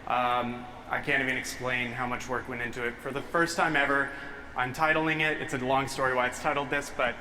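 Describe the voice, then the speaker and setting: A man's voice: mid-range voice, level tone, brisk, bright, forceful tone, a little hiss or hum. A man giving an emotional, earnest talk on stage before an audience, telling a story through a stage microphone.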